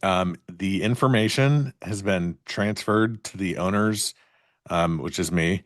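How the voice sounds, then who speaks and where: A man's voice: sits low, a little slow, no room sound, clean studio sound. A man co-hosting a live trading stream, talking in a laid-back, rambling way with lots of fillers. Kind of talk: casual chat.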